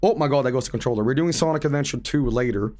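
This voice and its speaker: A man's voice: medium pitch, rapid-fire, darkish tone. A man streaming a video game, rambling and profane about a dream and the game. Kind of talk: casual game stream commentary.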